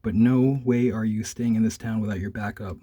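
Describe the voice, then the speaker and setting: A loyal, practical female police partner who talks plainly, voiced by a man reading the comic aloud. The husky voice does not change to play her. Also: fairly low pitch, fairly even intonation, fairly quick, warm tone, no echo, muffled recording, natural voice. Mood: earnest.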